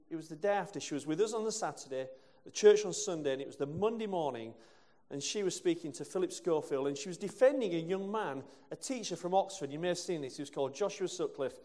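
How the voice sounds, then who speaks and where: English guy preaching, slightly higher voice, lots of asides and questions, echoey church. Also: animated, fairly quick, warm tone. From England. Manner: conversational, with asides and rhetorical questions. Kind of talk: sermon. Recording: long hall reverb.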